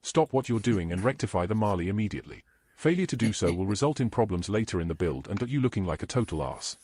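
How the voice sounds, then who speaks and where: A man's voice: on the low side, lively intonation, darkish tone. A man doing a stern automated warning announcer. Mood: mock stern. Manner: mock-official, rapid announcement.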